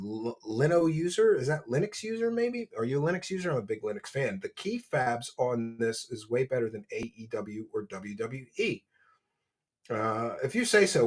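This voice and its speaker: A man with a mid-range, slightly rough voice hosts a livestream, chatting as he eats. His casual commentary is mocking and crude.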